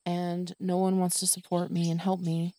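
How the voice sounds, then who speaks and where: A woman's voice: fairly low pitch, monotone, moderate pace, warm tone. A woman hosting her own podcast, venting in a tired, exasperated monologue full of swearing. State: exhausted. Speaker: podcast host.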